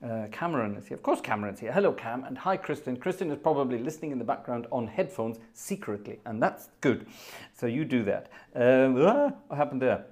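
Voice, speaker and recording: A man's voice: medium pitch, animated, fairly quick, a little mellow. A man hosting a live music stream, who greets viewers in a playful, jokey and chatty way. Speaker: livestream host and organist. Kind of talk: casual livestream chat greeting viewers.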